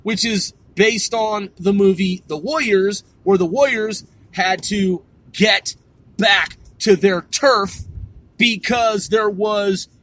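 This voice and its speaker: A man's voice: high-pitched, takes it slowly, a bit bright, slight background noise, low-quality recording. A man talking in a casual, rambling monologue as a podcast host, cursing freely and riffing on lists and wordplay.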